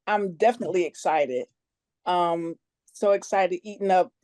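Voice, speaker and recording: A woman's voice: lowish voice, moderate pace, a little mellow, no echo. A woman sharing her story on a business call, earnest, plain-spoken and a little nervous. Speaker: guest team member sharing her story. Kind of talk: casual testimonial on a conference call.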